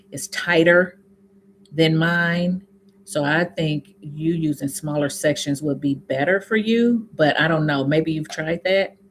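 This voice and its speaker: There's slight background noise as a Southern US woman answers her YouTube live chat, reading comments aloud in a casual way. Her replies come with sudden, high, laughing exclamations.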